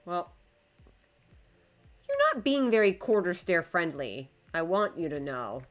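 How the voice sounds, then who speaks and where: A woman's voice: fairly low pitch, sing-song, unhurried, faint music behind. A woman streaming live, chatting casually to her viewers and to the game while she builds, swearing when it frustrates her.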